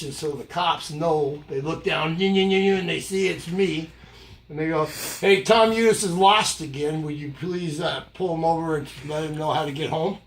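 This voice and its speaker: An older man telling a rambling, humorous story in a casual way, jumping up in pitch to act out the voices he quotes. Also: creaky. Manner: animated, acts out quoted voices with jumps in pitch. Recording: loud background noise.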